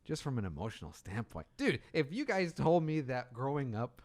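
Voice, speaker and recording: A young man hosts a casual talk show in a relaxed, easygoing way. His replies are short and plain. His voice sits at an ordinary pitch. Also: normal speed. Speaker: host. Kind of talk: casual chat.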